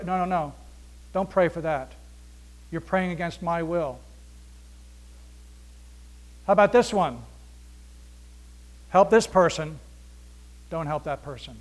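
High-voiced preacher with dramatic hushes. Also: male voice, normal speed, pauses often. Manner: swings between loud emphasis and near-whispered hushes; acts out dialogue with God, asking rhetorical questions. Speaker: pastor. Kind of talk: sermon.

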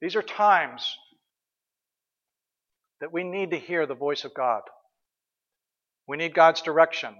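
A man's voice: on the high side, slow pace, pauses often, fairly bright tone, highs cut off. A man preaching a sermon as pastor, earnest and questioning, sometimes hesitating and restarting.

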